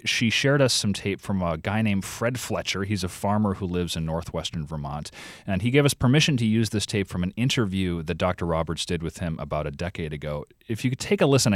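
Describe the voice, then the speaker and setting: A man's voice: deep voice, dry recording, clean studio sound. A man from the Chicago area, a podcast co-host, chatting on a radio interview with fillers and restarts.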